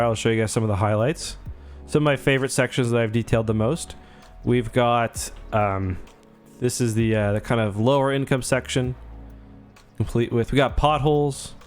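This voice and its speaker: A man's voice: mid-range voice, steady tone, normal speed. Young male streamer, rambling casual chat over faint music. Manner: chatty, rambling, thanks viewers. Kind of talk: casual gameplay livestream.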